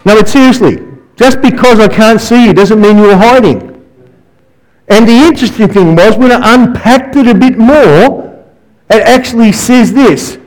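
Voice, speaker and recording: A man's voice: high-pitched, moderate pace, poor audio. A man preaching as a guest speaker and counsellor, telling stories with asides and rhetorical questions. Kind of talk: sermon.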